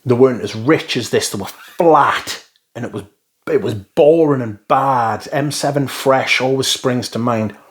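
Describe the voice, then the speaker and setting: A man's voice: medium pitch, measured pace, husky. A man giving casual, rambling first impressions of fragrances, blunt and full of swearing. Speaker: fragrance reviewer.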